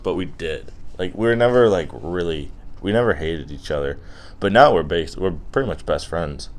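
A young man hosting a podcast, rambling through casual chat with crude jokes and lots of fillers. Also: low-pitched.

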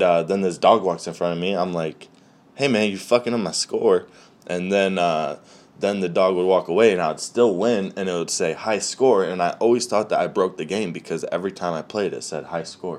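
A young adult man telling a rambling, profane story in a casual podcast chat, with deadpan asides. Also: low voice.

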